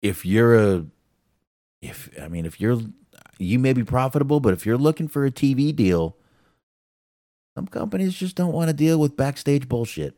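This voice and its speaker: A man's voice: mid-range voice, big pitch swings, moderate pace, pauses often, dark tone, no room sound, studio quality. A man co-hosting a wrestling podcast in casual chat, blunt and profane, laughing often. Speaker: podcast co-host.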